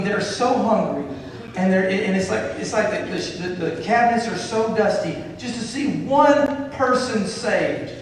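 A man preaching a sermon as pastor, fervent and building to shouts, with many repeated phrases. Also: high voice, slight background noise. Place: church sanctuary. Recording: echoey church hall from far off.

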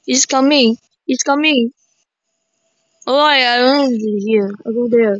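A woman giving excitable gameplay commentary, full of sudden exclamations. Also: on the high side, moderate pace, no room sound. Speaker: gaming streamer. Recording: slightly dull lo-fi mic.

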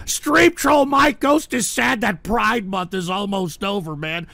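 A man hosting a live call-in stream, ranting and shouting with profanity, choked up and tearful. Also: high voice, a little slow, vocal fry, no room sound. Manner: shouting, profane, whiny and fed up.

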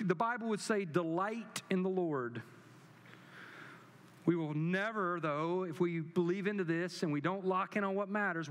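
A man's voice: high voice, fairly bright tone. A man preaching a sermon as pastor, building emphasis through repeated phrases. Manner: preaching with rising emphatic repetition. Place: large church hall. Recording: long hall reverb.

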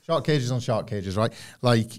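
A man's voice: medium pitch, animated, measured pace. A British man in his thirties who co-hosts a podcast, chatting casually and riffing with loose, rambling jokes. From United Kingdom. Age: 30s. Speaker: podcast co-host. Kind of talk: casual chat.

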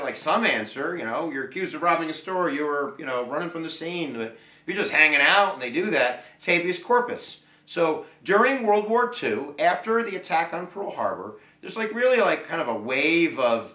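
A man giving an energetic, joking history lesson, acting out quotes and sometimes shouting. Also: mid-range voice, reverberant, far from the mic. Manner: animated, jokey, shouts and acts out quotes. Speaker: history teacher. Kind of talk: energetic classroom-style lecture.

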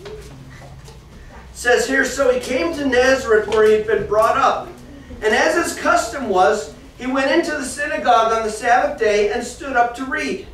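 A man teaching a children's church class, reading a Bible passage and then explaining it to the kids in a lively storytelling way. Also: extremely high pitch, moderate pace. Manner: animated storyteller, reads scripture then talks directly to the kids. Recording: echoey room from far off, faint noise.

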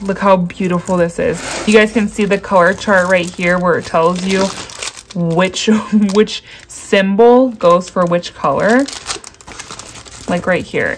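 This is excited unboxing chat from a woman whose voice is on the low side, recorded with slight background noise. She vlogs a craft unboxing at an indoor table, exclaiming and gushing to her audience while packaging crinkles behind her.

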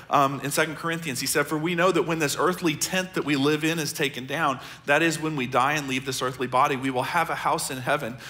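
A middle-aged American man, a pastor, preaching a sermon in a conversational, earnest way, often dropping his voice soft. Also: on the high side. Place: large church auditorium.

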